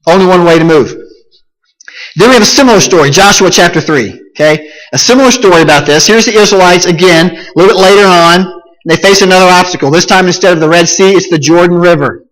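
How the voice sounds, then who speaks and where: Man preaching in a lively, reverberant hall. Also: sits high, fast talker. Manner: retells the story in lively everyday words, repeating key phrases. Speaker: pastor. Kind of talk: sermon.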